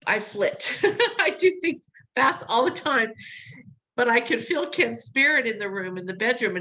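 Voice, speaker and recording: Middle-aged woman guest for a heartfelt story, lively, quick to laugh, voices others' words. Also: a little high, poor audio. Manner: animated, acts out quotes, laughs often. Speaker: interview guest. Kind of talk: emotional personal storytelling.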